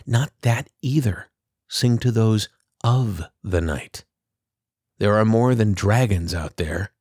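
A man's voice: on the low side, slow pace, darkish tone, breathy edge, no room sound, clean studio sound, exaggerated voice. A man reading a storybook, raising his voice to play a determined young sister who speaks in a firm, urging way.

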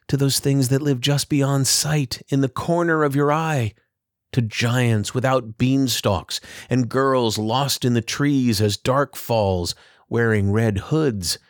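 A man's voice: medium pitch, no room sound, studio quality, voice pushed up, lightly acted. A man reading a storybook, raising his voice to play a determined young sister who speaks in a firm, urging way.

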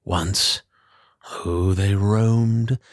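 A man reading a storybook, voicing a sorrowful hooded boogeyman who weeps as he talks, in a slow, mournful way. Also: lowish voice, steady tone, no echo, studio quality.

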